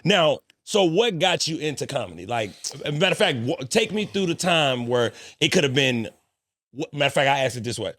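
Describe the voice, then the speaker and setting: A man's voice: on the high side, very animated, fairly quick, fairly bright tone. A man in his thirties hosting a podcast interview, joking bluntly and cutting in. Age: 30s. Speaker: podcast host. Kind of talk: casual interview chat.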